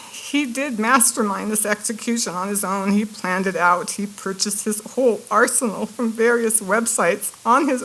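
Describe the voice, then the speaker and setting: A woman's voice: mid-range voice, a bit bright, a little hiss or hum, low-quality recording. A woman, a victim's aunt, reads a prepared impact statement in a courtroom, her voice breaking with emotion at times. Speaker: victim's family member giving an impact statement.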